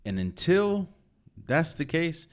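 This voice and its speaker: A man hosting a solo sports podcast, giving opinionated, emphatic commentary with sudden loud rises and quiet asides. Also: fairly high pitch, big pitch swings, slow, clear, resonant tone. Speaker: podcast host.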